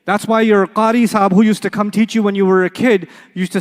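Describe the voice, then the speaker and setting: A man leads a live Arabic lesson, his voice pitched high. He is playful, repeating sounds and throwing questions at the class, and a long hall reverb trails each phrase. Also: level tone, quick pace, few pauses. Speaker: Arabic teacher.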